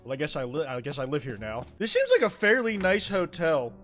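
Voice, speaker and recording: A young man giving gameplay commentary, profane and sarcastic, with excitable asides. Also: on the high side, a little fast, faint music behind. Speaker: gaming YouTuber.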